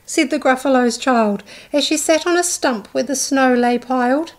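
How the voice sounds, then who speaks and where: A woman reading a picture book aloud to children, slow and expressive, voicing the characters. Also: high voice. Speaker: childcare storyteller.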